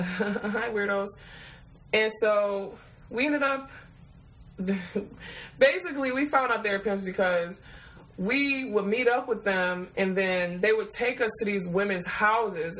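A woman, telling a travel story in a casual, rambling way. She swears freely and laughs often. Her voice sits at a middle pitch for a woman. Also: a bit bright, low-quality recording. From Detroit, USA.

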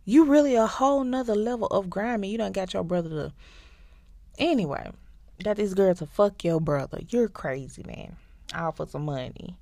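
A woman hosting a podcast, telling a TV plot in a casual, animated and profane way, acting out the characters' lines. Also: mid-range voice, normal speed, vocal fry, dry recording, clean studio sound. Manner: animated, profane storytelling with acted-out quotes. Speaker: podcast host. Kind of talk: casual recap of a TV series.

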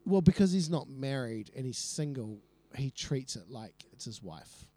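A man co-hosting a casual podcast. He tells his stories with gusto and acts out what everyone said, in a mellow voice recorded close and dry. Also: medium pitch, normal speed, no echo. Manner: animated storyteller, acts out quotes. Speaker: podcast co-host. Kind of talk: casual chat, storytelling.

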